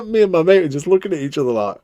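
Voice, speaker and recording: A man co-hosting a podcast, telling stories in a casual, animated way. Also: high voice, no echo, studio quality. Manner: animated storytelling with frequent laughs. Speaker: podcast co-host. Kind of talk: casual chat.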